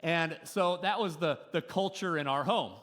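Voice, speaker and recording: A middle-aged man preaching a sermon to his congregation, telling a story with sudden swings between loud and soft. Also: a little high, moderate pace. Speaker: pastor. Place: church service before a congregation.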